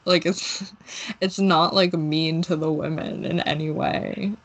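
A young woman co-hosting a podcast, chatting in a relaxed way with plenty of fillers. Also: low voice, slow pace, poor audio. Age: young adult. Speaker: podcast co-host. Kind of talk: casual podcast chat.

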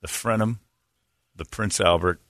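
A man's voice: low-pitched, a bit bright, slight background noise. A man hosting a radio show, teasing his co-hosts in casual banter and laughing easily. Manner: joking, teasing, quick to laugh.

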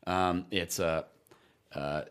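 A man hosting a casual comedy podcast, talking sarcastically and haltingly with many fillers. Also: deep voice, fairly even intonation, fairly bright tone, clean tone. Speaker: podcast host.

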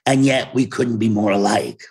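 A man's voice: lowish voice, fairly even intonation, moderate pace, darkish tone, slightly rough, low-quality recording. An older man with a New York accent, telling wry, rambling stories in casual conversation over a video call from his home office. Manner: rambling, self-interrupting, wry. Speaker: interview guest, playwright and actor. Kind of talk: casual storytelling.

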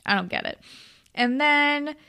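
A woman's voice: high-pitched, lively intonation, unhurried, bright, forceful tone. A woman co-hosting a casual chat show, animatedly retelling a TV episode and acting out the characters' lines. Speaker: podcast co-host recapping a TV episode.

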